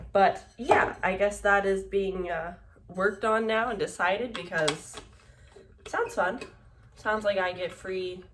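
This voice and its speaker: Young woman, casual vlog chat, rambling with fillers, faint background noise. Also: mid-range voice. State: tired, yawning. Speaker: book vlogger.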